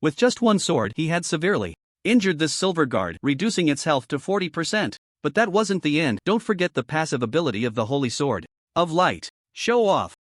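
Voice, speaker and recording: A man narrating a fantasy story recap in a dramatic, expressive storytelling manner. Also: a little high, brisk, no echo, studio quality.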